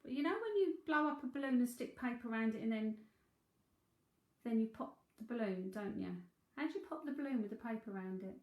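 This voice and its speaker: Woman, Cockney accent, psychic medium, chatty, laughs a lot, fairly high voice, echoey room. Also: animated, fairly quick, a little mellow. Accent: London Cockney. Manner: chatty, laughs often, thinks aloud. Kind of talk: live mediumship reading. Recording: roomy echo.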